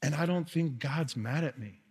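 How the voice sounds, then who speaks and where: A man preaching a sermon as pastor, earnest, dropping to soft tones and rising to loud calls. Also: on the high side, moderate pace, breathy edge. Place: church sanctuary. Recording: long reverb of a large hall.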